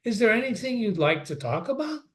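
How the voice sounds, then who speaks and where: A man reading the lines of a guarded, weary young woman nurse, lifting his voice slightly higher and softer than his narration. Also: big pitch swings, fairly quick. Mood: wistful.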